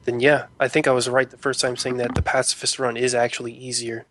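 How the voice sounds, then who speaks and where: A man's voice: mid-range voice, flat delivery, fast talker, fairly bright tone. Rambling man in casual chat. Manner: rambling, loose and profane.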